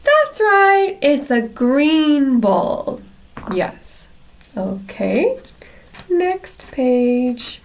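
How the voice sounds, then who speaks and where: A woman teacher reads a picture book to young children learning English. Her voice sits a little high and swoops up and down with lively expression. She talks very slowly and clearly, with many encouraging yeses. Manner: very slow, clear and sing-song, with many affirming yeses. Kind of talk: slow read-aloud storytime for young learners.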